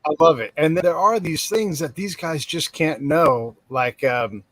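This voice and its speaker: A man's voice: a little high, a little slow, a bit bright, no room sound, rough recording. A man hosting a casual podcast interview, talking conversationally and thinking aloud. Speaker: podcast host.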